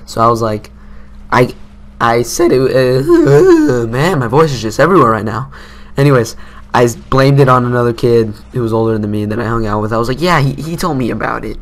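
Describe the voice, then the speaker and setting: A man's voice: mid-range voice, fast, fairly bright tone. A teenage boy doing casual gameplay commentary, telling a story in a rambling, self-mocking way. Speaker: gaming commentator.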